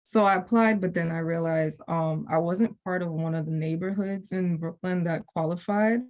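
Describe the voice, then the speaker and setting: Rambling young woman, low voice. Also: steady tone, moderate pace, a little mellow. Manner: rambling, many fillers and restarts. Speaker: program graduate. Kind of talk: casual video-call conversation.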